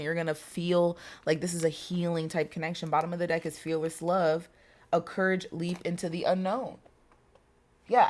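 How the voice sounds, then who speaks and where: A woman reading tarot cards for her viewers in a casual, chatty way. She talks emphatically, repeats herself, and swears freely. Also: fairly low pitch. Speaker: tarot reader.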